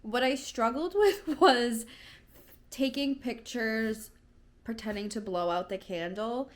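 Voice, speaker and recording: A woman in her late twenties chats casually in a home vlog, rambling and frequently correcting herself mid-sentence. Her voice is on the high side and slow.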